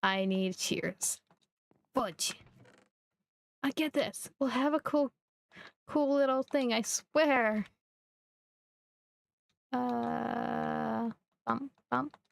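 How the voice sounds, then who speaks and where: A young woman from Missouri, chatting casually and rambling while she streams a game, quick to poke fun at herself. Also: a little high, gravelly, no echo. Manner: rambling, chatty, self-deprecating. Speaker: livestreamer. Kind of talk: casual live gameplay chat.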